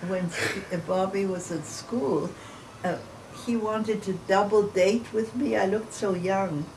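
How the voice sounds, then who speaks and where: Elderly woman interviewee, unhurried, chatty family anecdotes, recorded from a distance with noise behind. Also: mid-range voice, a little mellow. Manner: chatty storyteller, laughs between anecdotes. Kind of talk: oral history reminiscence. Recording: distant mic with background noise.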